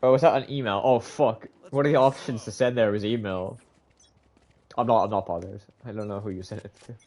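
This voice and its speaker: A male streamer chatting casually during a live competitive shooter game, swearing freely, laughing and breaking into sudden shouts. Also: on the low side, steady tone, brisk.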